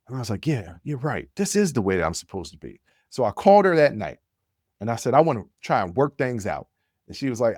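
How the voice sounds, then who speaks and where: Animated man telling a story. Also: mid-range voice, fast, dry recording, studio quality. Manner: animated, addresses listeners directly. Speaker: podcast host. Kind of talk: storytelling monologue.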